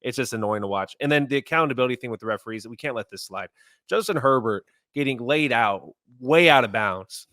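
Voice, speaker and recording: A man bluntly airs his frustration on a sports podcast. His voice is bright and a little sharp. It is recorded close and dry. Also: mid-range voice, animated, a little fast, dry recording. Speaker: podcast co-host. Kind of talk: casual sports chat.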